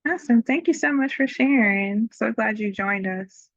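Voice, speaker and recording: Een vrouw die een webinar modereert via een videogesprek, enthousiast en vriendelijk. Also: female voice, a little high, moderate pace, no echo, highs cut off. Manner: friendly, enthusiastic, laughs easily.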